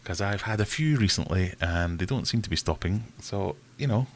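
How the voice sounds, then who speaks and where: A man with a somewhat low voice hosts a relaxed live stream. He chats loosely, greets viewers by name and makes fun of himself. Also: moderate pace. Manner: self-deprecating, chatty, greets viewers by name. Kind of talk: casual live-stream chat.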